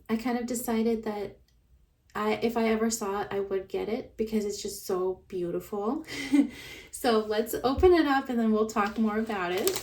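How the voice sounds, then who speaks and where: A woman unboxing plush toys in a casual vlog, gushing with excitement and often laughing. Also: a little high. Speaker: plush toy reviewer. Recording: voice a bit far from the mic.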